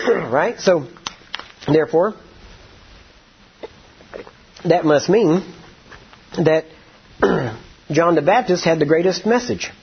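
A man's voice: a little high, expressive, slow pace, long pauses, highs cut off, slight background noise. A man preaching a conversational sermon, often asking the congregation for agreement.

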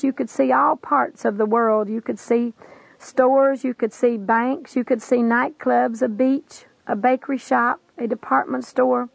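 Gravelly earnest woman preacher. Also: fairly high pitch, dry recording, poor audio. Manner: solemn, earnest storytelling with old-fashioned scriptural wording. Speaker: preacher recounting a vision. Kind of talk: testimony sermon.

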